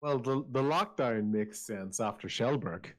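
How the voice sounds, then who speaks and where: A man voicing a worried, kindly father who talks gently and stammers as he hesitates. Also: mid-range voice, unhurried, natural voice. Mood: concerned.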